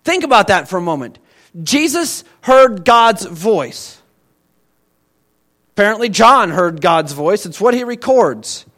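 A man preaching a sermon as pastor, emphatic and conversational, asking the congregation questions and swinging between loud and quiet. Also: high-pitched.

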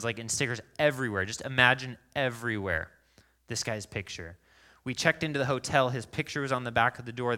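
Bright-voiced man preaching a lively sermon. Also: mid-range voice. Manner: conversational, animated storytelling with acted-out quotes. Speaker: pastor.

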